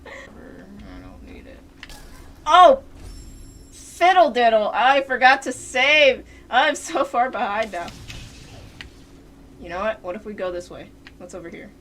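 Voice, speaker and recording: A woman's voice: fairly high pitch, lively intonation, slow, long pauses, a bit bright, a little hiss or hum. A woman streaming a video game live, talking to her chat and the game character, shrieking and swearing at every death. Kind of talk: live gameplay commentary. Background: game music.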